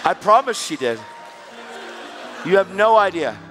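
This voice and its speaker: High-voiced preacher in a reverberant hall. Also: male voice, a little slow, a faint crowd. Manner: animated, shifting between loud exhortation and hushed storytelling. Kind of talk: sermon with storytelling. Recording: long hall reverb with faint music.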